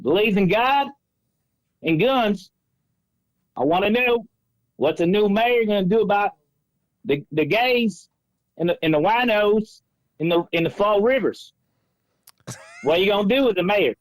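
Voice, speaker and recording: A man voicing a bigoted male veteran caller in a fake Southern accent, halting and rambling. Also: sits high, animated, dry recording, poor audio. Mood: ranting. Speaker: prank caller.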